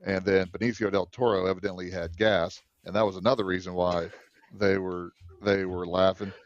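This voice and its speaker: A man with a low voice chats loosely about a film, piling up fillers and restarts. His voice sits dry and close, with no room around it, and the sound is a little dull and muffled. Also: little pitch movement, normal speed, no echo. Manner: rambling, many fillers and restarts. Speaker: podcast co-host. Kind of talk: casual movie review chat.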